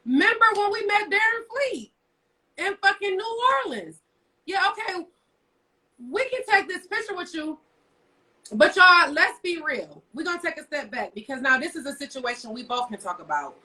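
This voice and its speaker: A woman's voice: very high voice, very animated, normal speed, sharp tone, recorded from a distance, rough recording. A woman co-hosting a casual live stream, telling stories in a blunt, profane rant. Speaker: co-host. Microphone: phone livestream.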